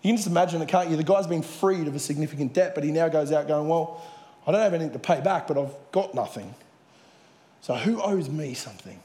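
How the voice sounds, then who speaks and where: A man delivers an earnest sermon from the stage, his fairly high voice ringing through an echoey hall. He works through scripture verse by verse. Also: expressive, fast talker, dark tone. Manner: earnest preaching with Bible readings. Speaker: pastor. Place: church hall with audience.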